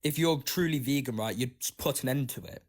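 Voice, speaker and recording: A man's voice: mid-range voice, a little fast. A man calling into an online debate, hesitant and filling his speech with "right" and "um". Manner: hesitant, many fillers like "right" and "um". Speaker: debate caller.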